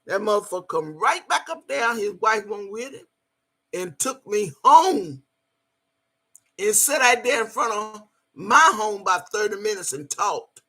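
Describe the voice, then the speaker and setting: A woman's voice: mid-range voice, lively intonation, unhurried, a bit bright, breathy edge. A woman, telling a story in a blunt, emphatic way and cussing freely. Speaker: vlogger. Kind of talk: profane storytelling monologue.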